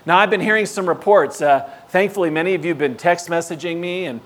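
A male pastor preaching a sermon, telling animated stories and acting out the scenes. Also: high voice, quick pace.

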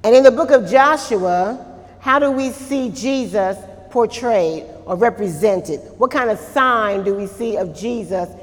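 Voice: medium pitch, unhurried, long reverb tail. A Bible study teacher leading a church class, asking the group questions, answering them, and adding frequent amens.

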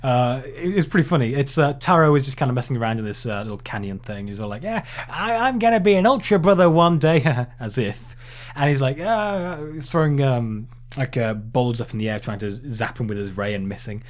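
A man's voice: mid-range voice, fairly quick. A man co-hosting a podcast in casual chat, rambling with lots of fillers and jokes. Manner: rambling, filler-heavy, joking. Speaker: podcast co-host.

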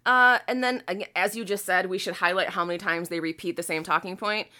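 A woman's voice: on the low side, steady tone, a little fast, bright, forceful tone. A woman co-hosting a casual chat, reading quotes aloud and mocking them with sarcastic, laughing, incredulous asides. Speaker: podcast co-host.

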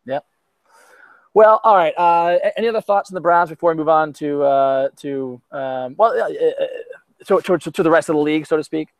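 A man's voice: on the high side, moderate pace, dry recording. A man hosting a casual sports podcast, talking chattily with frequent restarts and easy laughs. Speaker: podcast host.

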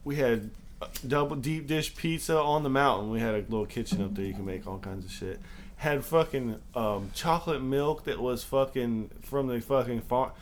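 A young man telling a rambling story in casual, profane talk, animated when he acts out the scenes. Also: mid-range voice, normal speed, slight background noise. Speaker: podcast guest.

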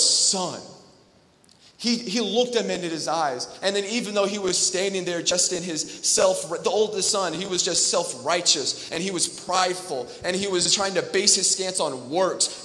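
A man's voice: high-pitched, moderate pace, bright, forceful tone. A young man preaching a sermon in a casual, conversational way, repeating phrases and building to emphatic peaks. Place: large hall with long reverb. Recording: echoey hall reverb.

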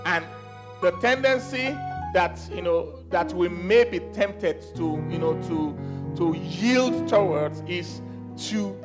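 A man preaching a sermon as pastor, repeating phrases, leading the congregation in declarations and swinging from soft teaching to loud exhortation. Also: high voice, takes it slowly, over music. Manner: repeats phrases and leads call-and-response declarations.

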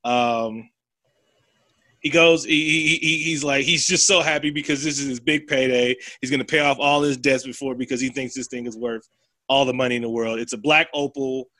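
A man's voice: mid-range voice, steady tone, moderate pace, pushed and bright, dry recording. A man in casual chat, animatedly retelling a film plot with profanity and acted-out quotes. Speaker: podcast co-host.

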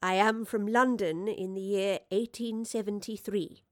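A woman's voice: mid-range voice, steady tone, unhurried, dry recording, clean studio sound, close to an everyday voice. A woman voicing an earnest, educated woman time traveller who explains herself carefully and hesitantly. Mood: explaining.

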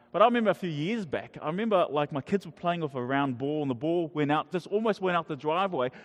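A middle-aged man preaching a casual sermon to a congregation, talking conversationally with many restarts and questions to the audience. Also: high-pitched. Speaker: pastor. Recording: long hall reverb.

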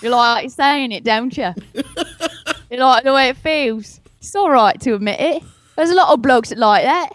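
A woman's voice: sits high, normal speed, close to an everyday voice. A woman putting on a cheeky Cockney accent, needling with repeated questions. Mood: teasing. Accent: Cockney put on.

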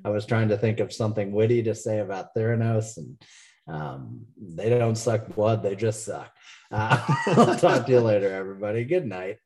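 A man co-hosting a podcast in casual chat, sarcastic and laughing, with sudden jumps up in pitch. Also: normal speed, creaky, darkish tone. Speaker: podcast co-host.

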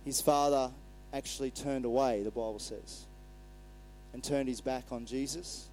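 A man's voice: mid-range voice, fairly even intonation, measured pace, darkish tone, a little hiss or hum, poor audio. A male pastor giving a sermon in a conversational way, retelling scripture and acting out the quotes.

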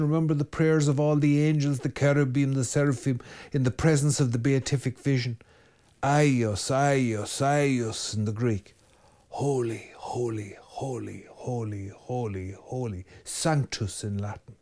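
An Irish man, a Catholic priest, giving a spoken sermon on prayer in an urgent, exhorting way, talking straight to his listeners with quick commands. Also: on the high side, darkish tone. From Ireland. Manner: urgent, exhorting, direct address with rapid commands.

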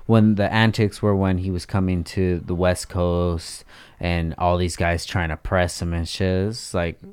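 A laid-back man talking on a podcast in a lowish, smooth and resonant voice. He swears casually and drops in plenty of short agreeing replies between longer thoughts. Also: little pitch movement, measured pace, a little mellow. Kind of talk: casual chat.

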